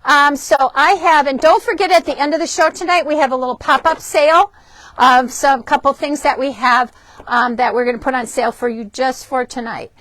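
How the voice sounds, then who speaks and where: A woman with a high, bright-pitched voice hosts a casual shop demo, chatty and upbeat, stumbling over words now and then. The sound is dry and close, with no room echo. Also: fairly even intonation, a little fast. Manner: chatty, upbeat, frequent ums and self-corrections. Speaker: shop host presenting fabrics and books. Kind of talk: casual product demo for a live stream. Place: indoors in a fabric shop.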